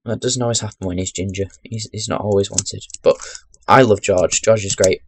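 A young man giving chatty, rambling commentary while playing a video game into his webcam microphone, breaking into sudden loud exclamations. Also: lowish voice, fairly even intonation, brisk, slightly rough. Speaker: gaming commentator. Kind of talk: chatty let's-play commentary.

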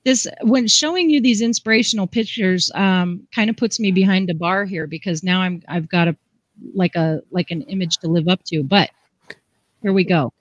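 A woman's voice: fairly low pitch, normal speed, no room sound, dull audio. A woman hosting a live craft demonstration, chatty and enthusiastic, explaining each step. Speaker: craft show host.

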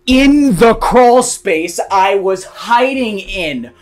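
A young man hosting a gaming channel, talking through a horror game, jumpy and quick to yell and swear when startled. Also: high voice, expressive. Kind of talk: gaming commentary.

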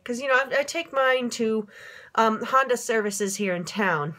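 A woman's voice: high voice, expressive, measured pace, sharp tone. A middle-aged woman from Minnesota, venting in a rambling, swearing vlog with lots of fillers and self-corrections, filmed on a handheld camera without a tripod. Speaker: vlogger. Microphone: handheld phone camera, no tripod.

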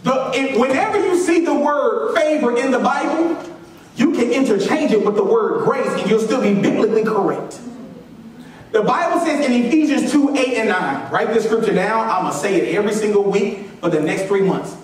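Male pastor, preaching, call-and-response, repeats key lines, very high voice, heavy church echo. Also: animated, moderate pace, distant mic, slight background noise. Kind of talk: sermon. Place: church sanctuary.

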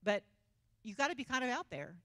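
A woman's voice: a little high, brisk, no echo, clean studio sound. A woman preaching a humorous sermon, telling stories animatedly and laughing often. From Texas. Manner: animated, self-mocking storytelling with frequent laughter.

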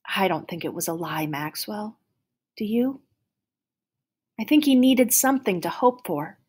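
A woman voicing a patient, kind, tired woman doctor who speaks softly, slowly and calmly. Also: mid-range voice, slightly rough, voice pushed up. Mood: gentle.

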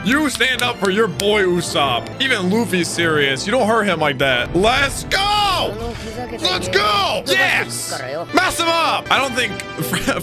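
A young man reacting to an anime episode as host, excitable, exclaiming and laughing often, with the show's music playing behind him. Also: fairly high pitch. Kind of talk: live reaction commentary. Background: anime episode audio with music.

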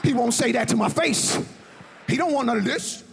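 A man's voice: very high-pitched, vocal fry, in a large hall, a little hiss or hum, pitched above the performer's own voice. A man doing a blustery older comedian. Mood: blustering. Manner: blustering, drawn-out boasts.

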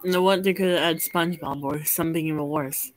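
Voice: medium pitch, fairly even intonation, fast talker, no room sound. A speaker in a casual voice chat who makes blunt, dismissive quips.

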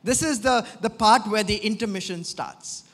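Brief: male preacher, high-pitched and chatty, telling a story to his congregation in a reverberant church. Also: moderate pace, a bit bright. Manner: conversational, frequent "right?" tags. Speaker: pastor. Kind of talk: sermon.

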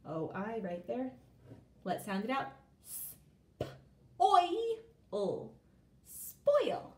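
A woman's voice: a little high, big pitch swings, slow, darkish tone, roomy sound. A woman teaching a phonics lesson to young children, stretching out sounds in a sing-song way.

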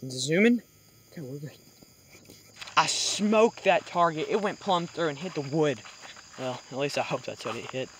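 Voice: medium pitch, a little fast, low-quality recording. A hunting vlogger, chatting to viewers and whispering while stalking in the woods. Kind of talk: chatty outdoor hunting vlog. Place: outdoors in woods. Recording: outdoor noise with crickets. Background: crickets and insects.

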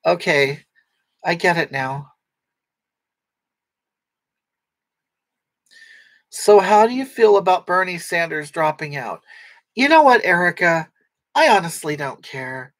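A man voicing a brash, tearful, crude middle-aged woman who rambles through a comic livestream, reading chat comments with halting restarts. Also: a little high, very animated, a bit bright, heavily acted. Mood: indignant.

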